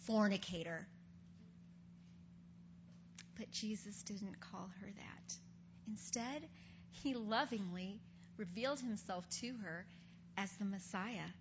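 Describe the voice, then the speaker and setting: A woman's voice: a little high, fairly bright tone. A woman giving a conversational Bible teaching, earnestly retelling scripture stories in everyday speech. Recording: dull recording with faint hum.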